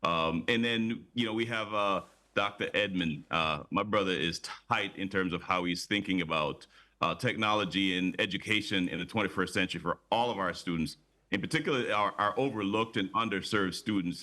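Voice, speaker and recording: Bright-voiced deep man promoting a conference. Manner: eager, promotional, repeats words while building up. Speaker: conference organizer, guest. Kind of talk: studio interview.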